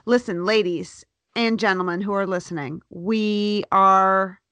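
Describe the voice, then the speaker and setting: A woman's voice: mid-range voice, fairly even intonation, a little slow, fairly bright tone, dry recording. A woman co-hosting a podcast in casual chat, speaking directly to listeners in an upbeat, chatty way. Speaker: podcast co-host. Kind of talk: casual chat, signing off the show.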